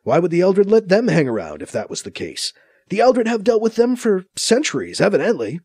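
A man voicing a calm, telepathic male base commander with a wry, authoritative manner. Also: high-pitched, fairly quick, breathy edge, no room sound, studio quality, pitched above the performer's own voice, full character voice.

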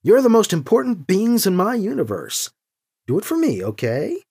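A protective older aunt presses her point, stern and insistent, as an audiobook narrator puts her on. Her husky voice rises and falls widely. She disapproves and does not let up. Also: mid-range voice, huge pitch swings, moderate pace, darkish tone, voice pushed up, exaggerated voice. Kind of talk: audiobook character reading.

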